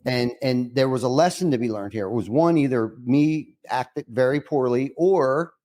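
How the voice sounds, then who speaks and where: This middle-aged host of a reflective interview podcast has a mellow, medium-pitched voice and a moderate pace. He speaks earnestly, wandering and restarting frequently on his way to the next question.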